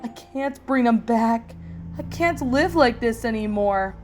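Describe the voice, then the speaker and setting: A woman's voice: on the high side, expressive, measured pace, a little mellow, faint music behind. A woman voicing a grieving cartoon asparagus mother, speaking with despair. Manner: despairing, hopeless.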